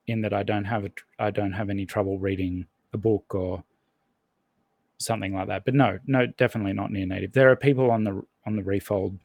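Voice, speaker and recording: Guy rambling on a podcast, lowish voice, dry close sound, lots of um and like. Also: a little mellow, no room sound. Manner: rambling, thinks aloud with many fillers and restarts. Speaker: podcast guest, language learner. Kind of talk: casual conversational interview.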